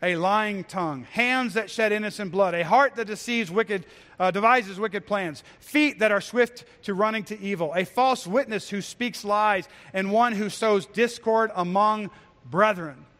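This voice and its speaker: A man's voice: high-pitched, moderate pace, a bit bright. A man preaching a sermon as a pastor, earnest and exhortative, with frequent restarts and emphatic repetition. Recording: long hall reverb.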